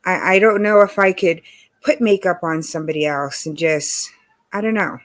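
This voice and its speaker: A woman hosting a casual livestream, chatty and greeting viewers by name, her voice hoarse from allergies. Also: lowish voice, moderate pace. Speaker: livestream host. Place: home in Texas.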